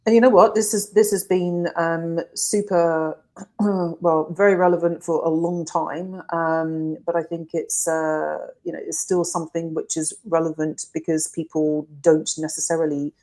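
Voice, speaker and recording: A woman, a company co-founder, talking on a video-call panel in a hesitant way with many pauses and fillers. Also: sits low, level tone, darkish tone. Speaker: co-founder guest. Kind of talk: casual panel chat.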